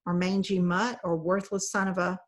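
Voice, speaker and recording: A woman's voice: lowish voice, level tone, normal speed, close to an everyday voice. A woman reading aloud, voicing an eager, simple-minded male stray dog who talks in short, earnest sentences.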